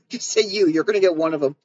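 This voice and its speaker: A woman's voice: on the low side, a little fast, darkish tone, no room sound. A woman hosting a casual show, reading fun facts aloud, giggling and cracking jokes about each one. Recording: dull lo-fi sound.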